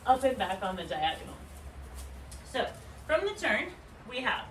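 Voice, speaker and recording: A woman's voice: fairly high pitch, animated, moderate pace, a bit bright, recorded from a distance, slight background noise. Woman counting dance steps in an echoey room. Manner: counts beats aloud while demonstrating moves; chatty, filler-heavy explanations. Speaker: dance instructor. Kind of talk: dance tutorial. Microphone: camera mic from a distance. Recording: roomy echo, voice set back from the mic.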